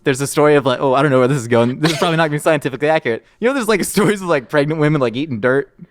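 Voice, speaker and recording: A man's voice: fairly high pitch, animated, racing. A young man co-hosting a podcast in casual chat, rambling and joking with lots of fillers. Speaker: podcast co-host, chef.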